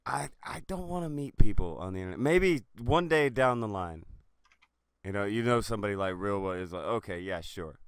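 A man's voice: lowish voice, animated, a little fast, clean tone, no echo. A man hosting a casual online show, blunt and sardonic, swearing freely as he riffs with guests. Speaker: podcast host. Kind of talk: casual profane group chat.

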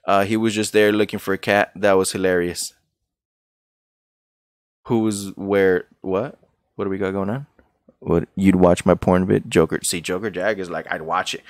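A man's voice: low-pitched, fairly even intonation, normal speed, pauses often, no echo, studio quality. A man streaming a game, chatting loosely and profanely and greeting viewers by name from a room at home. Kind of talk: casual chat while gaming.

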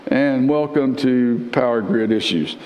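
A male pastor giving a conversational live sermon, repeating phrases and climbing in pitch to press his points. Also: slow, muffled recording, a little hiss or hum. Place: church sanctuary. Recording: roomy church with long reverb.

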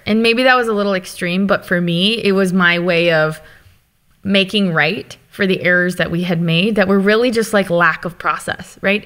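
Lively, candid woman telling stories. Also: lowish voice. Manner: animated, open, quick to laugh. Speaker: guest, company founder and author. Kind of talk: candid conversational storytelling.

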